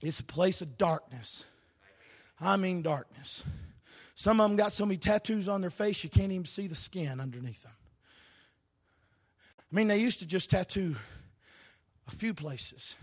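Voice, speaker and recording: High-voiced impassioned male preacher. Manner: impassioned, swelling to shouts with a sing-song preaching cadence. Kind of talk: sermon storytelling.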